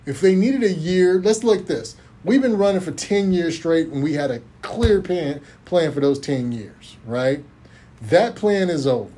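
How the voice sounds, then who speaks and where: A man co-hosting a casual podcast about movies, animated, laughing often and repeating himself as he talks. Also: a little high, measured pace, husky. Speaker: podcast co-host.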